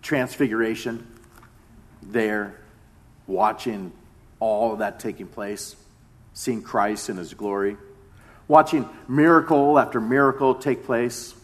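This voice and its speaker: A man's voice: on the low side, slow, long pauses. A man in his thirties, a pastor giving a conversational sermon that often repeats its phrases.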